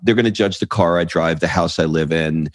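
Man from the US, deep voice, dry close sound, lively storytelling host. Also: fairly quick, dry recording. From United States. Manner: animated storyteller, rising excitedly. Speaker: podcast host. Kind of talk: casual interview chat.

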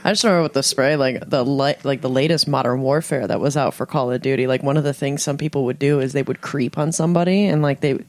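A man's voice: mid-range voice, quick pace, hardly any pauses, darkish tone, no room sound. A man co-hosting a casual gaming podcast, joking and laughing easily. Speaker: podcast co-host. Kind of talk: casual chat.

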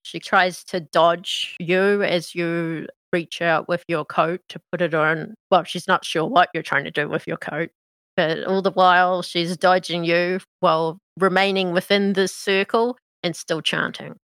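A woman narrates a tabletop game as game master, taking her time over each line. Her voice is bright and a little low, recorded dry and close. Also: fairly even intonation, a little slow, no echo.

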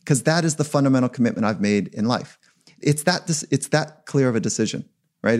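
A man's voice: mid-range voice, a little mellow. A man being interviewed as a performance psychologist, talking in a reflective, emphatic way. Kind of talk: podcast interview.

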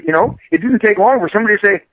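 A man, a comic book artist, chatting casually on a podcast, rambling and animated with plenty of profanity. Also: high voice, rapid-fire, breathy edge, no room sound, low-quality recording.

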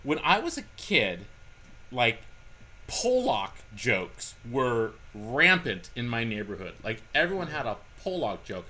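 Animated, bright-voiced man in his forties. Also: medium pitch, measured pace. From California. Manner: animated storyteller, wry. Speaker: podcast co-host. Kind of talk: casual chat.

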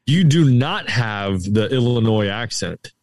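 A man's voice: mid-range voice, animated, a little slow, darkish tone, no echo, studio quality. A man from the Tampa Bay area of Florida, hosting a casual podcast chat in a loose, joking way. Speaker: podcast host.

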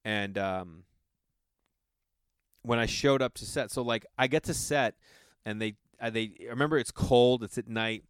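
A man's voice: medium pitch, unhurried, pauses often, clear, resonant tone, dry recording, clean studio sound. A man, an actor, telling a casual anecdote in a rambling way, with a constant filler 'like'.

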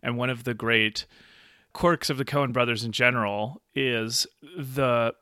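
A man co-hosting a podcast, talking in an animated way and laughing easily. He has a bright, forceful tone, recorded dry and close. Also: medium pitch, unhurried, smooth, no room sound. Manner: animated, laughs often, acts out quotes. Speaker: podcast co-host. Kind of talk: casual podcast chat.

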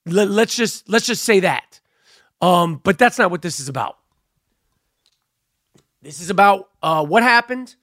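A middle-aged man spins a profane story on his podcast and acts out the other voices as he goes. His voice sits high for a man. The sound is close and dry, with no room around it. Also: measured pace, pauses often, dry recording. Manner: animated, swearing, acts out quoted voices. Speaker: podcast host. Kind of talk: profane comic storytelling monologue.

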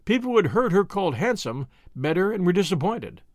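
A man narrating a novel aloud, storytelling in an expressive way. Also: high voice, brisk, dry recording. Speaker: audiobook narrator. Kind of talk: scripted narration.

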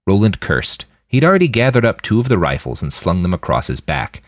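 A man narrating his own serialized fiction in an expressive storytelling manner, close to the mic. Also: low voice, brisk, dry recording. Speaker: podcast fiction reader. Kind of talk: audiobook narration.

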